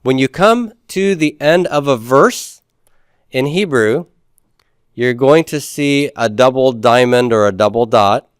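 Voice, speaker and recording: A man's voice: medium pitch, clear, resonant tone, no room sound, clean studio sound. Man teaching a Hebrew grammar class. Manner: explains step by step, asks the class questions and answers them. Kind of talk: classroom lecture.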